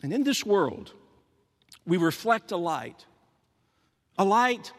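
A man's voice: high voice, expressive, slow, long pauses, in a large hall. A male pastor preaching a sermon emphatically, with repetitions and sudden drops to a near whisper.

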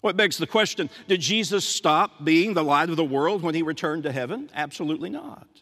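A man's voice: on the high side, animated, brisk, fairly bright tone, in a large hall. A male pastor preaching a sermon emphatically, with repetitions and sudden drops to a near whisper.

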